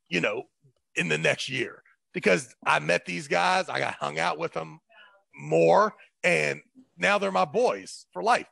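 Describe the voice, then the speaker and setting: A man with a heavily gravelly, high voice that sounds bright and forceful. He talks in a boastful, emphatic way and swears freely. The sound is dry and close. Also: dry recording. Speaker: guest, arm wrestler. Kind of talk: casual chat.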